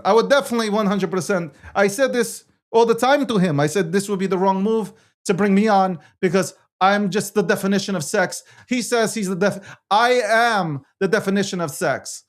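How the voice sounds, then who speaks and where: A man's voice: sits high, moderate pace. A man co-hosting a casual livestream about crypto and markets, boastful and joking, often stumbling and repeating his phrases. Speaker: weekly co-host of a crypto markets show.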